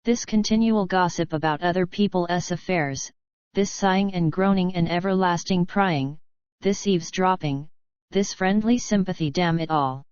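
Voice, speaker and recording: A woman's voice: on the low side, moderate pace, a little mellow, clear, resonant tone, no echo, muffled recording, close to an everyday voice. A woman voicing an agitated, hysterical young male drunkard in an audiobook, with overwrought, pleading outbursts.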